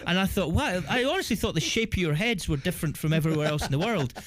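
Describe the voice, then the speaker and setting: A Scottish man, a comedian guest on a talk show, telling animated comic stories and acting out the people in them. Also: fairly high pitch, racing. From Scotland. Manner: animated, acts out dialogue with voices. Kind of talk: comic storytelling.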